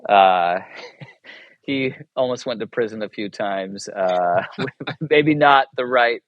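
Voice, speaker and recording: A man's voice: on the low side, slow, dry recording, highs cut off. Rambling storyteller man, dry sound. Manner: rambling, self-interrupting, chuckles often; acts out dialogue in his anecdotes. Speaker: guest, military chaplain. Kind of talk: casual storytelling interview.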